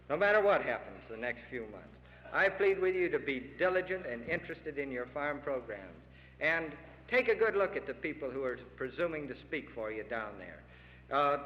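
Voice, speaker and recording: A middle-aged man giving an earnest, emphatic public speech to farmers, pleading with his audience. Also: a little high. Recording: lo-fi archival radio recording with long hall reverb.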